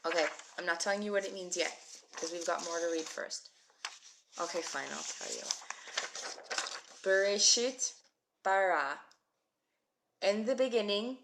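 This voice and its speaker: A woman's voice: on the low side, brisk, vocal fry, noisy background. A woman teaching a live-streamed Hebrew reading class, chatty and encouraging as she calls out viewers by name. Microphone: phone mic.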